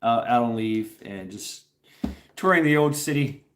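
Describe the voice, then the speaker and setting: A middle-aged man from Tennessee spins a loose, casual story for his stream chat, voice sitting at an ordinary male pitch. He laughs often, swears freely, and keeps trailing off and restarting his sentences. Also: animated, a little slow, fairly bright tone, a little hiss or hum.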